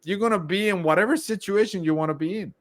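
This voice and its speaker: A man's voice: high-pitched, fast, no room sound. A man speaking as a leadership coach in a casual interview, upbeat, acting out his own thoughts as quotes.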